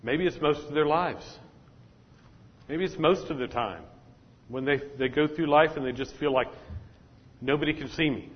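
A man's voice: a little high, normal speed, long pauses, breathy edge. A man preaching a sermon as pastor, talking straight to the congregation and repeating his points. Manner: repetitive, call-and-response preaching. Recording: dull, echoey hall sound.

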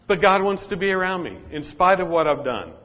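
A man preaching a sermon as pastor, talking straight to the congregation and repeating his points. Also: high voice. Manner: repetitive, call-and-response preaching. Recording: dull, echoey hall sound.

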